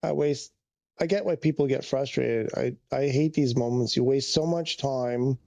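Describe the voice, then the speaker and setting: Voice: mid-range voice, normal speed, creaky, a little mellow, no room sound. A flight sim streamer talking to themselves during live gameplay, muttering, sighing often and getting easily frustrated.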